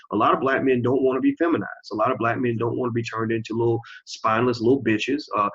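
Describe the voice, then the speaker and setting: A man in his forties with a husky voice holds forth in a forceful commentary monologue, hammering his points home by repeating phrases. The recording sounds dull and lo-fi. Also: medium pitch, flat delivery, quick pace, few pauses. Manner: emphatic and preachy, repeats phrases for stress. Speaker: channel host.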